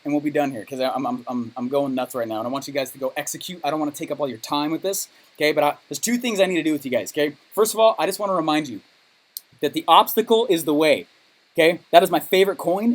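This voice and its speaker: A man giving an energetic motivational training talk as a business coach, emphatic and checking in with his audience often. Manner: high-energy, emphatic, keeps asking "okay?".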